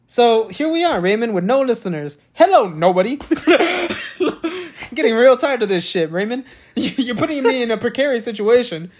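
A man's voice: very high voice, very animated, normal speed. Rambling, profane male podcast co-host. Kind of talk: casual chat.

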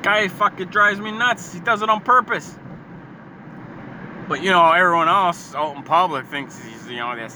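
A man's voice: a little high, normal speed, sharp tone, poor audio. A man delivering a heated, profane comedic rant, rambling and repeating himself. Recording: street recording with traffic noise. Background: passing cars.

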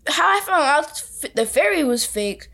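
A young woman co-hosting a podcast, telling stories in animated, chatty casual talk. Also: high-pitched, normal speed. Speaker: podcast co-host. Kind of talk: casual chat.

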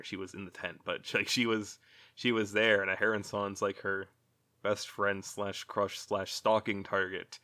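A man's voice: fairly low pitch, sharp tone. A man hosting a casual chat, rambling, laughing often and swearing freely.

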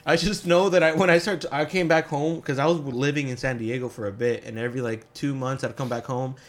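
A young man who works as a comedian, telling casual stories full of swearing and jumping into higher voices when he quotes other people. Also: a little fast. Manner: animated, jumps into high-pitched voices for quoted people; swears freely, laughs mid-story. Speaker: comedian guest. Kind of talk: casual storytelling chat.

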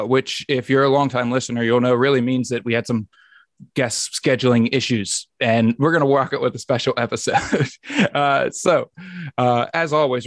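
Male podcast host, mid pitch, relaxed and rambling, dry close recording. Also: no room sound. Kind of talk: casual podcast chat.

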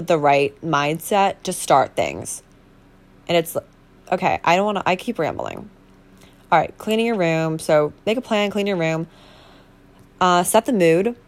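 A young woman hosting a casual solo podcast, rambling and bubbly, full of fillers and self-corrections. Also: on the low side. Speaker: podcast host.

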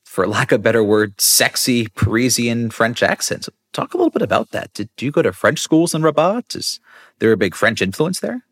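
Lively, curious male interviewer. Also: mid-range voice, a little fast. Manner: friendly, curious, joking. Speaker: podcast host. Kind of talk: casual interview conversation.

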